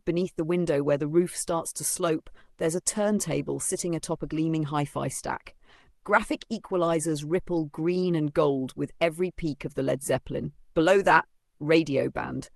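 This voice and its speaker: Gravelly man reading a novel. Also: a little high, no echo. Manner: dry, sardonic, vivid storytelling. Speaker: audiobook narrator. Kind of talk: scripted first-person novel narration.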